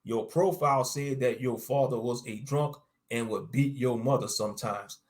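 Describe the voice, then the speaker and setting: A man voicing a hot-tempered young male interrogator who snaps sharp insults in a raised voice. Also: medium pitch, moderate pace, lightly acted.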